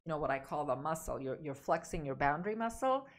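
A woman's voice: deep voice, very animated, fast talker. A woman relationship coach giving emphatic, direct advice, repeating her key points. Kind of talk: advice talk to camera.

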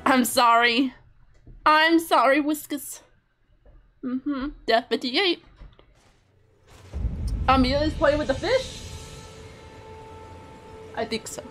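A woman's voice: high-pitched, slow, pauses often, fairly bright tone, faint music behind. A woman streaming a game live, chatting with her viewers as she plays, swearing freely and laughing often. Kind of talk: live gameplay commentary.

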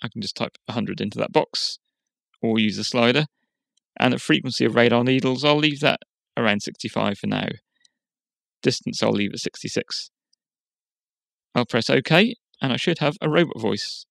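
A man hosting a software tutorial, explaining each step in a plain, steady way. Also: mid-range voice, normal speed, gravelly, long pauses, no room sound. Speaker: tutorial host. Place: quiet room.

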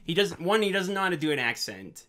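A man's voice: a little high, sing-song, fast talker, sharp tone. A man co-hosting a casual movie podcast, cracking crude jokes and swearing freely. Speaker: podcast co-host. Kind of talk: casual movie-riffing chat.

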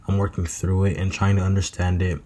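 A man's voice: deep voice, flat delivery, fairly quick, a little mellow. A young man talking to himself late at night in a loose, meandering, slangy monologue that drifts into half-freestyled rhymes. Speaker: vlogger.

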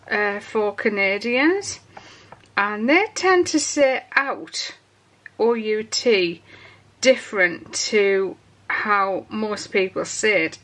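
An English woman hosts a soap-making channel, giving a casual demonstration tutorial full of rambling asides as she works. Her voice sits in the mid range and is a bit bright.

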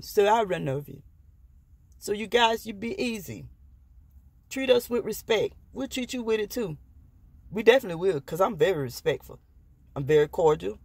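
A woman's voice: medium pitch, vocal fry, darkish tone, husky, no echo. A woman vlogger delivering an impassioned, profane rant straight to the camera, blunt and defiant, slipping into jokes between her complaints. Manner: defiant and joking by turns.

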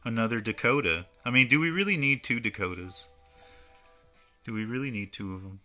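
A man's voice: medium pitch, expressive, brisk, sharp tone, faint music behind. A man streaming live from home, chatting casually and reading labels aloud as he unboxes. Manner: rambling, stops to read can labels aloud.

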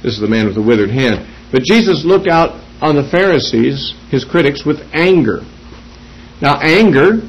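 A man giving a verse-by-verse Bible teaching, reasoning through each point deliberately with small restarts. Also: fairly high pitch, slightly rough, lo-fi sound.

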